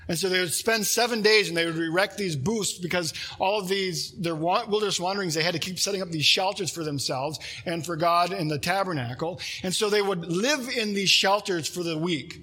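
Pastor, man, preaching in earnest; slightly higher, husky voice. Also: normal speed, few pauses, pushed and bright. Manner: earnest preaching, reads scripture aloud, asks listeners questions. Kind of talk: sermon.

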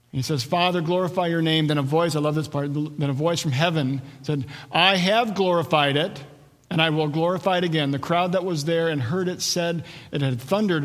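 Pastor, male, slightly higher voice, preaching a sermon with a long hall echo. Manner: expository preaching, acts out quoted voices.

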